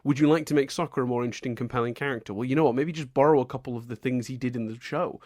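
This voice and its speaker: A man co-hosting a casual podcast, animated and laughing often as he acts out his exasperated reactions. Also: medium pitch, rapid-fire, no echo, clean studio sound. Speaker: podcast co-host.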